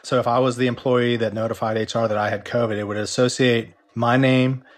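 Man explaining, voice going hoarse. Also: mid-range voice, little pitch movement, a little fast. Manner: explanatory, with frequent restarts. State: losing his voice. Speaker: company executive interviewed about a workplace app. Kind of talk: remote news interview.

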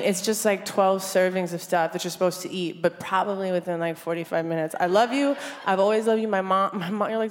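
A woman's voice: mid-range voice, background noise. A woman performing as an improv contestant, singing playfully. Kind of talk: improvised song and monologue. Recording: live stage, long reverb, band music.

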